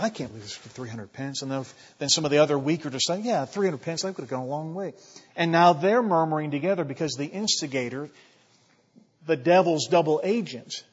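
A male pastor delivers a sermon in a fairly high voice, driving home his points with repeated, building phrases. His words trail into a long church reverb, and the recording sounds muffled and lo-fi. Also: breathy edge. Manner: emphatic preaching with repeated phrases, building in intensity.

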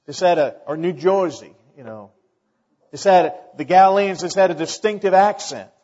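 A man's voice: high-pitched, lively intonation, fairly quick, a little mellow. A middle-aged man preaching a sermon, earnest and emphatic, reading scripture aloud. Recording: dull lo-fi recording in a reverberant hall.

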